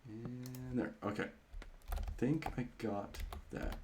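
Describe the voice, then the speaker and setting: A man's voice: mid-range voice, fairly even intonation, slow pace, darkish tone, slight background noise. A man streaming live, chatting casually with viewers while he plays, rambling and often breaking into laughter.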